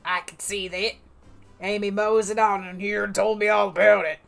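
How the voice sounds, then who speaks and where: A woman voicing a gruff teenage male echidna with a put-on Southern drawl, slow and terse. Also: medium pitch, steady tone, a bit bright, soft background music.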